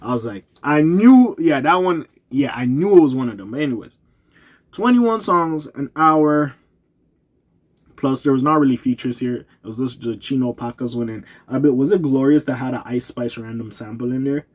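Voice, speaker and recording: A man giving a casual, candid album review, talking in profane slang and getting animated when something excites him. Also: mid-range voice, moderate pace. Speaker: music reviewer.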